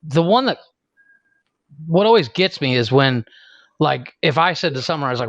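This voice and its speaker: A man's voice: a little high, expressive, normal speed, long pauses, fairly bright tone, no echo, lo-fi sound. A laid-back man from Ohio with an Ohio accent, co-hosting a podcast, chuckling and acting out quotes. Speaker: podcast co-host. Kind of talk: casual chat.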